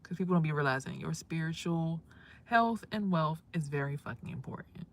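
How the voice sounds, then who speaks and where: A woman hosting a livestream in casual talk, giving spiritual advice in a loud, emphatic, profane and preachy way. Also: low voice, animated, fairly quick. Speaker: livestream host.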